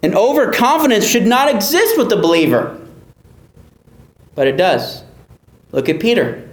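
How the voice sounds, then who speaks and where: A man's voice: high-pitched, lively intonation, unhurried, roomy sound. A man preaching an expository sermon, earnest and emphatic, repeating key phrases for weight. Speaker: pastor.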